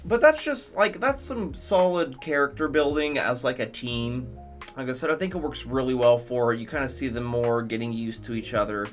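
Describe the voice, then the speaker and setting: A man's voice: medium pitch, normal speed, faint music behind. A man reviewing movies in casual commentary, enthusiastic, profane and rambling.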